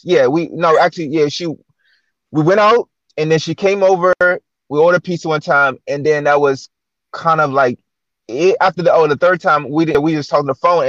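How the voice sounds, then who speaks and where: A man's voice: on the high side, no echo. Man telling stories with a dull, dry sound. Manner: animated, acts out quoted dialogue. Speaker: guest host. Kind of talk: casual storytelling.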